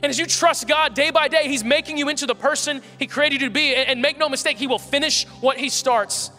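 In a church sanctuary, a man serving as pastor preaches a sermon to his congregation, earnestly building emphasis with repeated phrases. His very high voice is bright and forceful, fairly quick, with faint music behind him and a long hall reverb.

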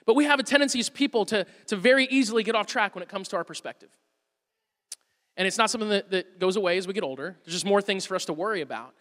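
Male pastor, 30s, high bright voice, animated storyteller; long hall reverb. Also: quick pace. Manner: lively storyteller, acts out his kids' voices. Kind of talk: sermon with a personal story.

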